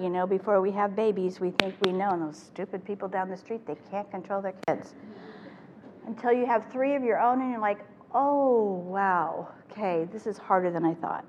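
An older woman presenting a parenting workshop to a live audience, talking in an animated way and acting out the phrases she quotes. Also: medium pitch, muffled recording. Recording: echoey hall with faint noise.

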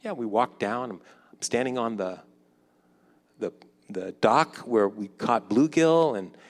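A man in his fifties telling a personal story in a conversational way, acting out the dialogue and dropping softer when reflective. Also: medium pitch, a little slow. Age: 50s. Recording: long hall reverb.

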